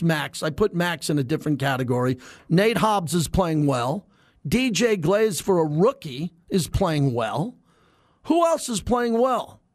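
A man's voice: high-pitched, no room sound, clean studio sound. A middle-aged man hosting a sports radio show, brash and heated, firing off rhetorical questions in a talk-radio monologue.

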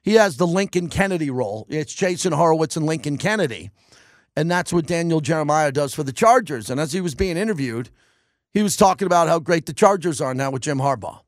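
A man's voice: fairly high pitch, animated, brisk, dry recording, clean studio sound. A man hosting a sports radio show, delivering an opinionated monologue in an emphatic style and repeating lines for punch. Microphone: studio microphone.

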